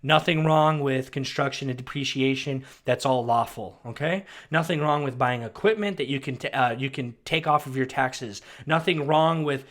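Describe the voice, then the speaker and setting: A man's voice: mid-range voice, moderate pace, few pauses, a bit bright. A man giving heated commentary on a news clip, agitated and ranting, often repeating himself and restarting.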